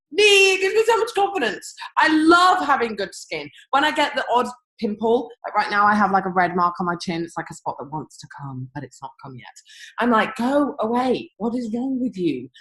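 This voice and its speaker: A young woman talks in a bouncy, chatty way, her voice jumping up high for emphasis as she makes her pitch on a call. She sounds like she's at home, with her voice ringing around a bare, echoey room. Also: fairly bright tone. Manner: chatty and upbeat, big leaps in pitch, playful asides. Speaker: business team presenter on a group call. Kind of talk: animated sales pitch to a call audience. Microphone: computer or phone on a call.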